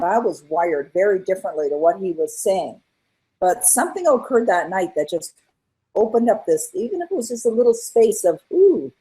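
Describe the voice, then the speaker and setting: A middle-aged woman as an interview guest, telling her own story in an earnest, animated way and acting out what people said. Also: mid-range voice, breathy edge, low-quality recording. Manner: earnest, animated retelling with acted-out quotes. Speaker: guest, author and coach.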